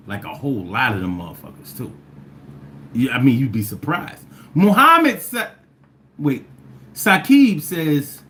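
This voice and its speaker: Riffing playfully through viewer comments on his casual livestream, this Philly-accented host from Philadelphia, USA, now and then slips into song and sing-song chants. His slightly high voice is very animated and a bit bright, at a normal speed.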